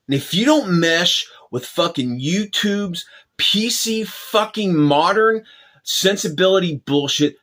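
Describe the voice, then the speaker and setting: A man's voice: high-pitched, animated, a little slow, a bit bright. Heated, foul-mouthed man ranting. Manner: profane and heated, lots of swearing and restarts. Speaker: channel host. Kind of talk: angry rant to camera.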